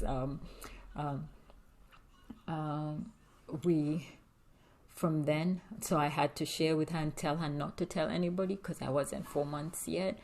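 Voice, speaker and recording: A woman's voice: sits low, fairly even intonation, measured pace, creaky, darkish tone. A woman vlogger telling a personal story in a confiding way, with many fillers and frequent drops into a whisper. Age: adult with a young daughter.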